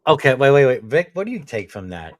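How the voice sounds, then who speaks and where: A man's voice: medium pitch, very animated, fast talker. A man hosting a casual live stream chat, bantering and laughing, with many restarts. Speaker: host.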